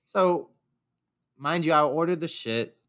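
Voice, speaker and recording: Animated profane young man telling a story. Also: fairly high pitch, a little slow. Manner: animated, profane, acts out quoted voices. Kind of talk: casual storytelling chat.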